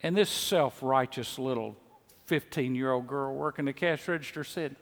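A man's voice: mid-range voice, moderate pace. A middle-aged man with a Southern US accent preaching a sermon in a conversational way, often repeating words as he starts a sentence. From Mississippi. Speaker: pastor. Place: church sanctuary. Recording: long echo of a large church hall.

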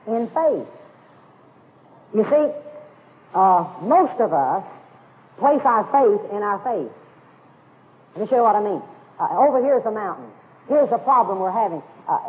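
A high-voiced preacher gives an emphatic sermon, hammering his points by repeating key phrases. A long reverb tail suggests a large sanctuary, and the sound is thin and narrow, like an old phone-line radio broadcast.

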